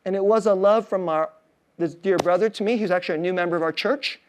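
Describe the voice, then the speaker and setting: A male pastor preaching a sermon in a casual, storytelling way, full of fillers and soft laughs, dropping to a hushed tender voice on emotional points. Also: sits high, fast talker, clean tone.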